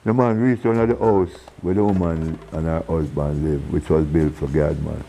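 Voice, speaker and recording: A man with a Jamaican accent, a reggae singer telling stories in a casual interview. He is animated, acting out the voices of people in his stories and laughing often. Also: extremely low pitch, moderate pace, gravelly, a little hiss or hum, rough recording. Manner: animated storyteller who acts out quoted voices and laughs often.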